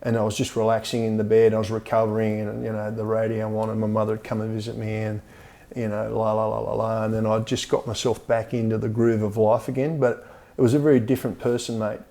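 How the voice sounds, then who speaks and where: Older Australian man, mellow storyteller. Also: on the low side, little pitch movement, fast talker. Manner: rambling, repeats words, often says mate. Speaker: podcast guest. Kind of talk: storytelling in a casual interview.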